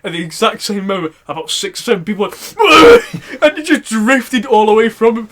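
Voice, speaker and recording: A man's voice: sits high, fast talker. Rowdy young man telling stories. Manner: animated, laughing storyteller with loud acted-out quotes. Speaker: podcast co-host. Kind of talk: casual comedic storytelling.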